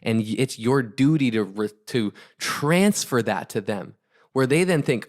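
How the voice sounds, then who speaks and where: A man's voice: medium pitch, animated, measured pace. A man co-hosting a podcast, giving an emphatic, fervent motivational talk and repeating phrases for punch. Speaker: podcast co-host.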